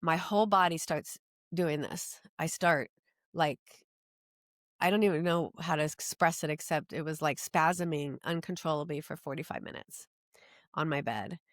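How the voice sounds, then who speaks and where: An older woman recounts her story as a podcast guest, her voice sitting low. She talks earnestly, words tumbling out in long run-on sentences with frequent restarts. The sound is dry and close, with no room around her. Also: moderate pace, no echo. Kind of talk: personal storytelling in an interview.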